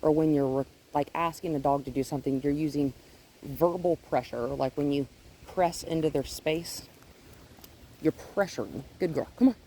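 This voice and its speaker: A woman training a dog, explaining her method in a gentle, coaching way while coaxing the dog along. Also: low-pitched, fairly even intonation, moderate pace, slight background noise, rough recording. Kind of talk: casual training narration. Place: outdoors with a dog.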